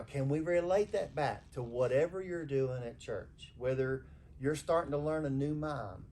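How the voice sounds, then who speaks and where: A man's voice: mid-range voice, a little hiss or hum. A man, preaching an informal, conversational sermon in church and acting out the people he quotes. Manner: animated, conversational, acts out quoted voices. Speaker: pastor. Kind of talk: informal sermon to a small congregation.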